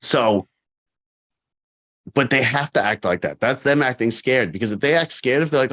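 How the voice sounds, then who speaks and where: A man in his forties tells stories in a loose, animated way, often slipping into the voices of the people he quotes. His pitch sits in the middle range, and the audio sounds slightly dull and lo-fi. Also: normal speed. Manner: animated, acts out quoted people, frequent fillers. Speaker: corrections officer, podcast guest. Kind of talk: casual interview storytelling.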